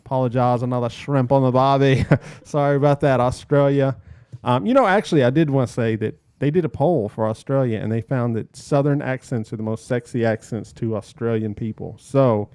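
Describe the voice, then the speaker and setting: A man's voice: medium pitch, a little fast, dark tone, smooth, no echo. A man hosting a casual podcast with his brother and a friend, with jokey, upbeat emcee patter. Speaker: podcast host.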